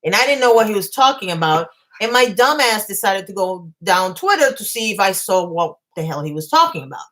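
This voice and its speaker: A woman's voice: mid-range voice, very animated, a little fast, hardly any pauses, a bit bright. A woman hosting a casual live stream from her bedroom, ranting bluntly with swearing and greeting viewers between points. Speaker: commentary channel host.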